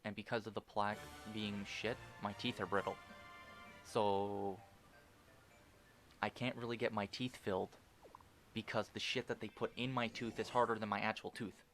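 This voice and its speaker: A man's voice: lowish voice, steady tone, moderate pace, pauses often, a bit bright, faint music behind. Rambling, profane young man. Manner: rambling and profane, with many fillers and restarts. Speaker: gaming channel host. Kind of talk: casual gameplay commentary.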